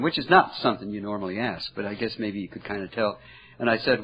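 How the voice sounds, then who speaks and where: An older man speaking earnestly at a recovery meeting, telling a personal story in a halting, heartfelt way. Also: lowish voice. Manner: earnest, halting, emotional at moments. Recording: dull lo-fi recording.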